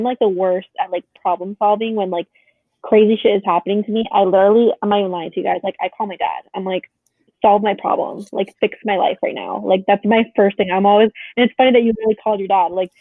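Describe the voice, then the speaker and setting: A woman's voice: medium pitch, steady tone, no echo. A woman co-hosting a podcast in casual chat, rambling with lots of "like" fillers. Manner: rapid, rambling, heavy "like" filler. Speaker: podcast co-host. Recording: dry, tinny phone-like sound.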